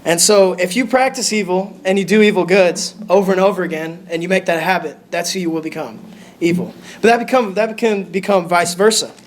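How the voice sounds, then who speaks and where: Nervous high-voiced young man preaching. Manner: nervous, halting, with many restarts. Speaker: lay preacher. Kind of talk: short church sermon. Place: church sanctuary.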